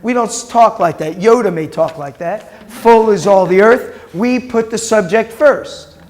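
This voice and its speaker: A middle-aged rabbi with a high, somewhat dark voice teaches Hebrew at a measured pace. He patiently repeats words aloud and questions his students during the lecture.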